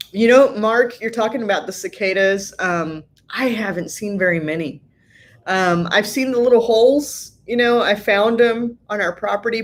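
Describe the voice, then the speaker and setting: Middle-aged woman on a live stream, just chatting and reading the comments, lots of ums and little laughs. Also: on the low side. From Southern California. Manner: chatty and friendly, laughs often, many ums.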